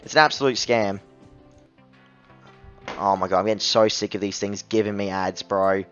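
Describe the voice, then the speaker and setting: A man's voice: fairly low pitch, fairly even intonation, normal speed, fairly bright tone, highs cut off, soft background music. A man reviewing a phone app in a voice-over, ranting angrily and scornfully about being ripped off. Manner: angry, exasperated, scornful ranting.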